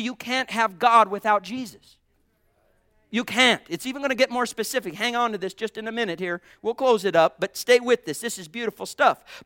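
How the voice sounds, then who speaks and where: Male preacher, high clear voice, fervent and emphatic, dry close sound. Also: no room sound. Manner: fervent, swings between hushed and loud emphatic preaching. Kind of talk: sermon.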